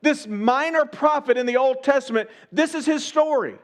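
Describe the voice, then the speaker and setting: A man's voice: very high-pitched, moderate pace. A man, a pastor, preaching a conversational sermon at a church service, full of rhetorical questions and repeated phrases.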